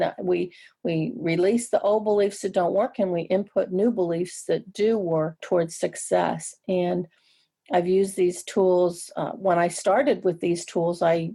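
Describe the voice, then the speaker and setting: A middle-aged woman, a counselor guesting on an interview show, telling stories in a reflective, easygoing way with many restarts and soft laughs. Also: on the low side, creaky. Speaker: guest, energy psychology counselor. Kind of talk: casual interview storytelling.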